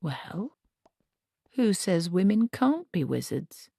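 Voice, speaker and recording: A woman's voice: fairly low pitch, big pitch swings, slow pace, vocal fry, dark tone, breathy edge, no echo, studio quality, exaggerated voice. A woman doing a smug, sly talking tree. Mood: lecturing. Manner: sly, lecherous, lecturing. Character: smug talking apple tree, a former male wizard.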